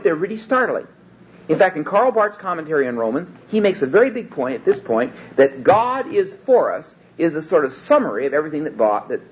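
Guy teaching a bible passage, pitch jumping all over, stops and restarts a lot, dull lo-fi tape with a faint hum. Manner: emphatic, hesitant with many restarts. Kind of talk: expository Bible lecture.

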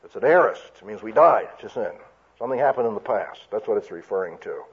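A man works through a sermon, explaining each point carefully and often restarting his sentences. His voice is husky, and the recording sounds dull and lo-fi. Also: fairly low pitch, animated, fast talker. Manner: careful teaching with frequent restarts. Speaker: preacher. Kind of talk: expository sermon.

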